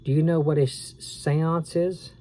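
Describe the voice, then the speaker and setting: A man reading a storybook aloud and voicing a calm, caring father who gently explains things to his kids. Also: fairly high pitch, measured pace, voice pushed up, lightly acted, poor audio.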